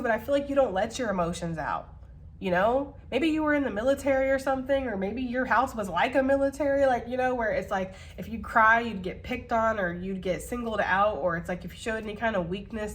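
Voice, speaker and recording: A woman's voice: medium pitch, slight background noise. A woman giving a tarot reading to her viewers, earnest and reassuring, openly emotional and swearing casually. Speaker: tarot reader.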